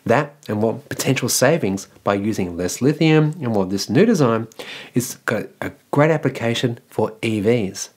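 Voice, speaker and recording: A man's voice: mid-range voice, expressive, normal speed, darkish tone, breathy edge. A man from Australia hosting an electric car news show, reading his script in a loose, casual way and filling gaps with "like" and "well". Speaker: EV news host.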